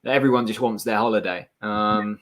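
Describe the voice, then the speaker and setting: Man, co-host, relaxed fan chat, teasing, plenty of fillers. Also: lowish voice, normal speed. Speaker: co-host of a football watchalong.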